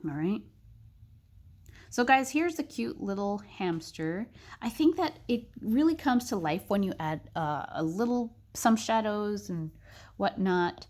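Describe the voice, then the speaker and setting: Slow-talking woman teaching drawing. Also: medium pitch, expressive. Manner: chatty, thinks aloud, soft muttered asides, light laughs. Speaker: drawing tutor. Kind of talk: casual drawing tutorial narration.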